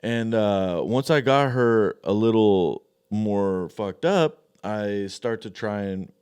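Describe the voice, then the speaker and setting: A man's voice: on the low side, slow pace, darkish tone, clean tone. Young man telling a crude, mocking story. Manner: profane, offhand and mocking. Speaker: podcast storyteller.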